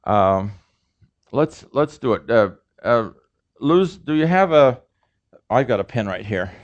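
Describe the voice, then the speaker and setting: A man's voice: medium pitch, expressive, takes it slowly. A man, a professor, giving a classroom lecture and explaining sounds step by step, with fillers and restarts. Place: lecture room. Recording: dull lo-fi lecture recording.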